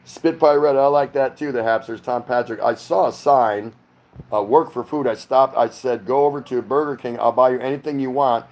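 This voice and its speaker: A middle-aged man from the United States hosts a casual livestream from his home. He reads viewer comments aloud one after another and chats back with loose, rambling asides. His voice sits at an ordinary middle pitch. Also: steady tone, moderate pace, darkish tone. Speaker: livestream host. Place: home in the Philippines.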